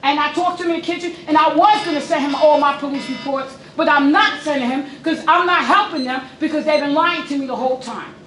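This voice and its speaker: A woman's voice: high-pitched, fast, hardly any pauses, a bit bright, distant mic, soft background music. An irate woman resident speaking emphatically during public comment at a meeting, recorded from afar in a meeting room. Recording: echoey room, picked up from afar.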